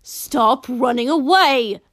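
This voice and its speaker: A woman voicing a loud, brash female warrior who taunts and bellows. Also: sits high, takes it slowly, dry recording, studio quality, voice pushed up. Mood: angry.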